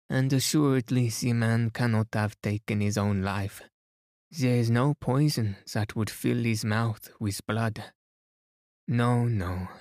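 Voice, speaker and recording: A man's voice: medium pitch, a little mellow, dry recording, studio quality, lightly acted. A man voicing a fussy middle-aged Belgian detective who speaks precisely and slips in French phrases, read as a bedtime story.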